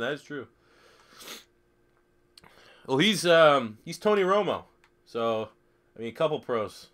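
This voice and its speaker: A man's voice: fairly high pitch, animated, a little slow, long pauses, fairly bright tone. A young man live streaming a football video game, swearing freely, joking and reading chat questions aloud. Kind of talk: casual live stream commentary.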